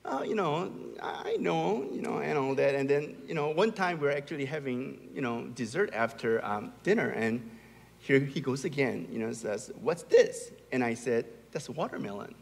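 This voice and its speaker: A man's voice: medium pitch, normal speed, vocal fry. Middle-aged male pastor preaching in a reverberant hall. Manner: storytelling with rising, emphatic peaks. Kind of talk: sermon. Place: large church hall.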